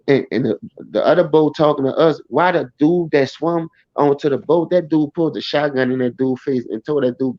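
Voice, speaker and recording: A man telling a personal story in a blunt, profane, animated way. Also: fairly high pitch, normal speed, no echo. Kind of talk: casual first-person storytelling. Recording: dry, slightly dull recording.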